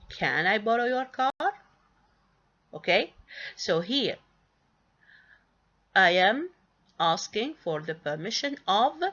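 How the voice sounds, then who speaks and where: On a lo-fi recording, a woman with a mid-range, slightly bright voice gives a grammar lesson in English. She keeps asking herself questions and answering them, peppering her speech with fillers.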